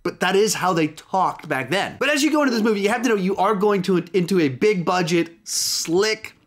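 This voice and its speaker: A man's voice: sits high, expressive, brisk. A man giving a casual, chatty film review, talking loosely with frequent restarts and asides. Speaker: movie reviewer.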